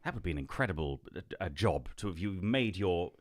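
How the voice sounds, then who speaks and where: A man's voice: sits low, expressive, fairly quick, no echo. A man co-hosting a live show, trading playful, dry banter in casual chat. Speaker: co-host.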